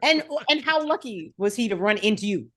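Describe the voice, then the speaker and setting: A woman's voice: mid-range voice, a little fast. A woman wellness coach talking frankly in a casual podcast chat, animatedly quoting the people she works with. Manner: frank and animated, quotes her clients.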